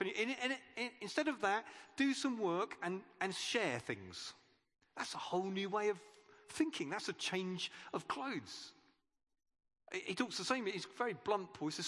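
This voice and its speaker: Male preacher, bright high voice, bouncy delivery, conversational sermon in a reverberant church hall. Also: normal speed. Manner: chatty and animated, with playful asides.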